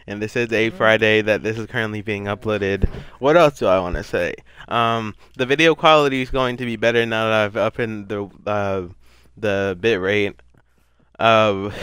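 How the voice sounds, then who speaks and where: A man's voice: fairly low pitch, pushed and bright, smooth, no room sound. A young man giving casual, rambling gameplay commentary, self-deprecating and given to sudden frustrated outbursts. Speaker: gaming YouTuber.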